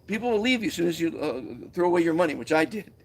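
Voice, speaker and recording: A man giving a live-streamed motivational pep talk, animated and preachy, with stumbling restarts. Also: a little high, fast talker. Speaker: motivational speaker. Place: Guatemala, where he lives.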